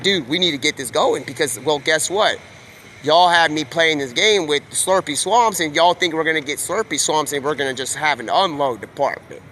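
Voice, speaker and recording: Man, live streamer, high-pitched, sharp bright tone, rambling, slangy, excitable. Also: slight background noise. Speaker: livestreamer.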